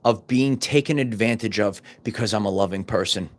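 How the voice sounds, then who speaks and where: A middle-aged man hosting a podcast, giving a fervent spiritual monologue full of repetitions and stumbling restarts that rises into loud bursts. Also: on the low side, normal speed. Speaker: podcast host.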